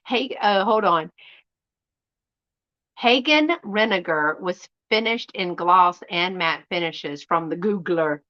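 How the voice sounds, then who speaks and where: A middle-aged woman from Louisiana with a Southern accent, chatting folksily as she hosts a live unboxing and often drops to a hushed voice. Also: medium pitch, a little slow, dull audio. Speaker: channel host. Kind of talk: casual live unboxing chat. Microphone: live stream setup.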